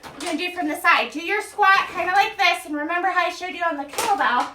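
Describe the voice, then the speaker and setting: A mom's very high-pitched voice, fast, pushed and bright, leads an upbeat, chatty home workout with reps counted aloud. The audio has a little hiss or hum and the echoey room makes her sound distant.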